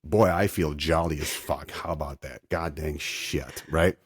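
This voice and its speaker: A man's voice: rumbling low, unhurried, breathy edge, no room sound, clean studio sound. A man hosting a casual chat, ranting in a profane, sarcastic way. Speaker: podcast host.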